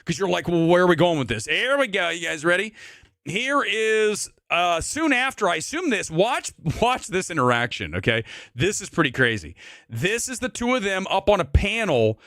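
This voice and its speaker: A man hosts a live movie stream and rants into a close mic. His voice is high and bright, and it swings all over the place as he mocks what he is talking about. The room is dry and dead. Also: very animated, normal speed, no echo. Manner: brash, profane, mocking. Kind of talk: ranting live-stream commentary.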